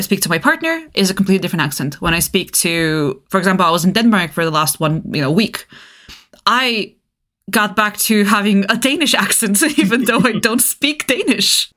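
This podcast co-host, a woman based in northeast England whose first language isn't English, speaks with a medium pitch and a fairly bright tone. The chat is casual, with frequent laughter and restarted sentences.

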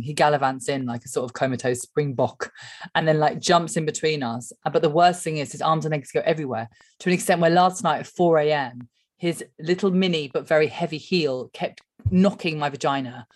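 A woman's voice: low voice, fairly quick. A woman, chatting as a podcast co-host in a dry, wry way. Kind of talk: casual chat.

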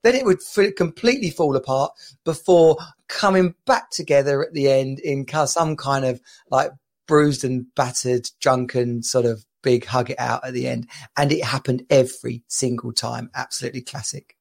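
A gravelly, creaky-voiced man hosting a relaxed podcast, with a mid-pitched voice. He tells stories with laughter and lots of restarts. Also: moderate pace. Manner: chatty, laughing storyteller with many restarts. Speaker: podcast host. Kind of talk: casual chat. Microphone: home podcast mic.

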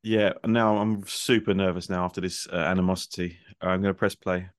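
A man's voice: sits low, flat delivery, a little fast, heavy background noise. A man co-hosting a comedy podcast, praising a friend's story with mock solemnity. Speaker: podcast co-host. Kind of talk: casual banter among friends.

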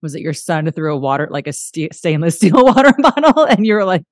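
A middle-aged woman hosting an interview, chatty and warm, who acts out family moments with lively impressions. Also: low-pitched, fairly quick, dry recording, studio quality. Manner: warm, chatty, animated impressions of her husband. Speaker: podcast host. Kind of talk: casual conversational interview.

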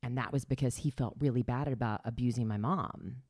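A woman's voice: a bass voice, brisk, darkish tone, dry recording, clean studio sound. A middle-aged woman candidly telling her life story in a casual chat, laughing often and sometimes dropping to a near whisper.

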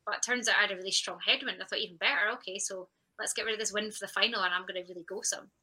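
Bright-voiced woman telling her story. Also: medium pitch, fairly even intonation, very fast, husky, poor audio. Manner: candid and reflective, with frequent laughs and quoted self-talk. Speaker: athlete guest. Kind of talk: personal storytelling in a podcast interview.

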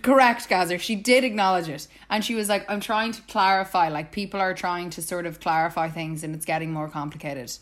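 A woman's voice: fairly low pitch, brisk, few pauses. A young woman co-hosting a podcast, chatting with amusement and giggling. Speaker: podcast co-host. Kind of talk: casual gossip chat.

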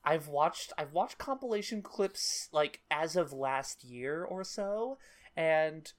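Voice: medium pitch, expressive, slow pace. A podcast co-host in casual chat who jokes, swears often and laughs a lot.

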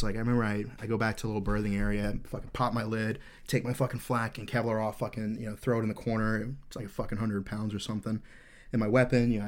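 A man's voice: on the low side, a little mellow. A man in his thirties hosting a podcast, telling a rambling, candid war story full of swearing. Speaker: podcast host.

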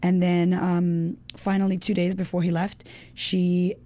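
A woman in her thirties, a women's coach, talking as a guest in an animated, emotional way, full of fillers and the odd swear word. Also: on the low side, measured pace. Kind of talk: casual chat.

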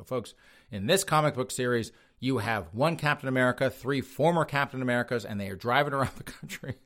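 A man's voice: mid-range voice, fairly bright tone. A man hosting a podcast, riffing on news stories in a crass, mocking, rambling way. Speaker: podcast host. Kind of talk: casual comedic news commentary.

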